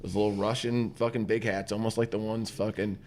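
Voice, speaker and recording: A man's voice: lowish voice, level tone, fairly quick, darkish tone, slight background noise. Profane, rambling male morning show host. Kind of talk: casual chat.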